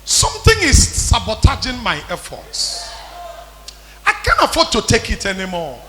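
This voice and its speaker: A man preaching a sermon as pastor, in impassioned call-and-response that builds to shouting. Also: very high-pitched, huge pitch swings, a little slow, faint music behind. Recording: long hall reverb.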